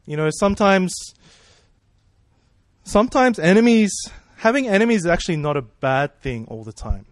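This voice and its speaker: A man's voice: high-pitched, lively intonation, moderate pace, no room sound, clean studio sound. A man preaching a sermon in a casual, conversational way, asking rhetorical questions and checking in with "right?" and "you know".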